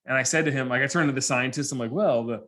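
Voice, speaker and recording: A man giving a humorous motivational presentation to students, telling lively stories and acting out the people in them. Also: medium pitch, very fast. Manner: animated storyteller who acts out characters. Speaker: motivational speaker.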